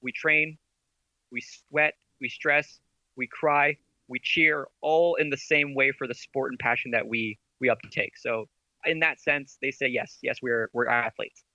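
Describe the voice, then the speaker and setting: A man's voice: medium pitch, steady tone, a little slow, bright, forceful tone, dry recording, dull audio. A man, a podcast guest who founded an esports team, talks in an enthusiastic, rambling way and argues through rhetorical questions. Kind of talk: casual interview chat.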